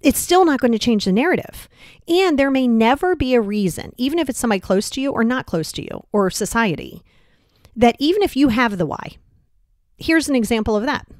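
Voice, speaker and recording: Fairly quick and animated, a podcast host with a voice on the high side delivers solo motivational talk. She's blunt, casual and direct, swears mildly, and fires off rhetorical questions. The recording is dry and studio quality.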